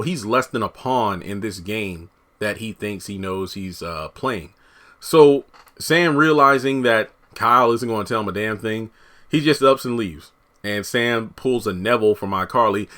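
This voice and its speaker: A man with a slightly low voice talks through a TV episode in a loose, chatty way. He gets animated, laughs easily and slips into the characters' lines as he recaps them. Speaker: TV episode reviewer. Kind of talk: casual spoken commentary.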